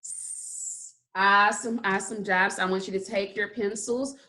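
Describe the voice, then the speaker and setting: A woman's voice: medium pitch, fairly even intonation, fairly quick, pushed and bright. A woman teaching a kindergarten phonics lesson, patiently stretching out sounds and praising often. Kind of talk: slow phonics lesson for young children.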